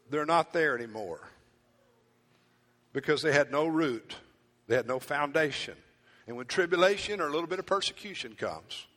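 A pastor preaching a sermon, animated and playful, acting out his congregation in asides. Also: a little high. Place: church hall. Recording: church hall reverb.

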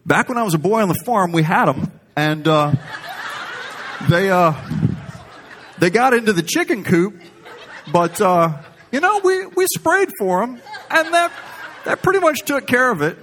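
Man putting on an older country preacher, deadpan, halting drawl, high and lifted, lively swoops. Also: slight background noise, exaggerated voice. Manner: straight-faced drawl, halting with fillers.

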